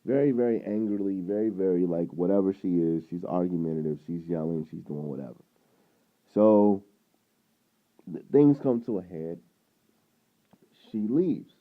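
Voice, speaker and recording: A man vlogging, casually retelling a frustrating run-in, rambling and animated, acting out what people said. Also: deep voice, normal speed, long pauses. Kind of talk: casual storytelling to camera. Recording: tinny phone-like sound.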